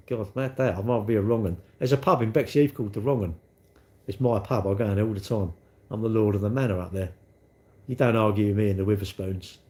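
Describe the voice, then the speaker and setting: A man's voice: medium pitch, a little mellow. A man, chatting casually on a live stream and answering his chat with cheeky, rambling banter. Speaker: livestreamer reading chat.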